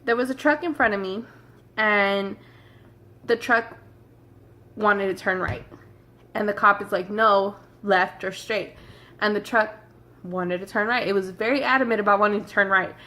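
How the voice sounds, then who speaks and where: A young woman telling a storytime vlog in a chatty, rushed way, talking straight to her viewers. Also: mid-range voice, bright, forceful tone. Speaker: vlogger.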